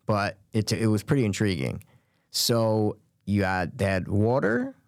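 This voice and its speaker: A young man co-hosting a podcast, telling stories in a casual, animated way and swearing freely. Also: fairly low pitch, measured pace, gravelly, no room sound, studio quality. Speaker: podcast co-host. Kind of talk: casual chat.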